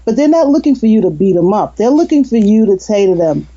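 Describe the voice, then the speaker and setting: With a medium-pitched, sing-song voice, she talks quickly with hardly any pauses and a breathy edge, and the highs are cut off. This former nurse and hypnotist is a chatty interview guest telling warm, earnest stories, frequently restarting and laughing.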